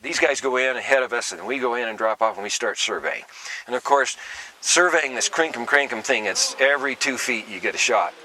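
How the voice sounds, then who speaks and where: A man's voice: mid-range voice, expressive, a little fast, bright, forceful tone, rough recording. A middle-aged man telling a caving story in a folksy way for a documentary interview, acting out the lines he quotes. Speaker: caver recounting an expedition. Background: music bed.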